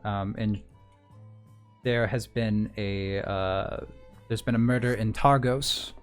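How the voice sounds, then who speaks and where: A man's voice: on the low side, steady tone, takes it slowly, clean tone, soft background music. A man voicing an elderly, battle-scarred woman who used to be a bounty hunter, speaking bluntly with some hesitant fillers. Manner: matter-of-fact, hesitant fillers.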